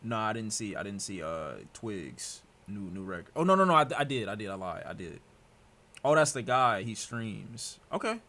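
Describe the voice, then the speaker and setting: A young man from Detroit streaming, talking to his chat in reaction commentary, excitable and profane, dropping to mutters and bursting out loud. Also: on the low side, normal speed. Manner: excitable, swearing, jumps from mutters to loud outbursts.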